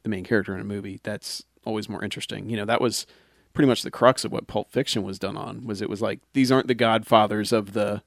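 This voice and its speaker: Male podcast co-host, low and gravelly, dry sarcastic delivery, close and dry. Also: steady tone, fast, hardly any pauses, no echo. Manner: sarcastic, joking. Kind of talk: casual movie chat.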